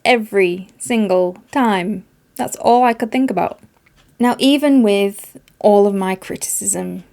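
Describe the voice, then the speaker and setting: A woman's voice: mid-range voice, mellow. A woman giving a casual spoken book review, emphatic and exasperated, repeating words for stress.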